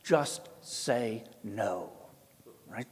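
Southern-accented priest in a reverberant hall. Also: male voice, fairly low pitch, expressive, drawn-out words, breathy edge. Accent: Appalachian Southern. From American South. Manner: folksy, self-deprecating, acts out quoted voices. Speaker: Orthodox priest. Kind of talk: storytelling talk.

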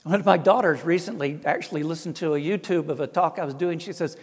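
A middle-aged priest with a thick Appalachian Southern drawl speaks in a fairly high voice. He talks in a folksy, self-deprecating storytelling way and acts out the voices in his tales. His voice rings with a long reverb, as if he is in a big hall. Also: fairly quick, few pauses, husky. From American South. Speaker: Orthodox priest. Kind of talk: storytelling talk.

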